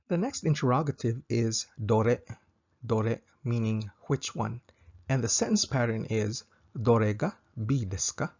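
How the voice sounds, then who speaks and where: Male language tutor: husky, gravelly, patient, repeats each phrase twice, dull lo-fi recording. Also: medium pitch, a little mellow. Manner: slow, careful, repeats each example twice for practice. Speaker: Japanese language teacher.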